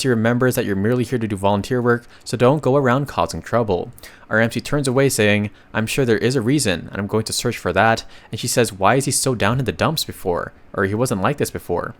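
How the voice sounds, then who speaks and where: A man casually narrating a comic recap, reading the characters' lines aloud and adding offhand asides. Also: medium pitch. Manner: chatty, reads dialogue aloud with asides.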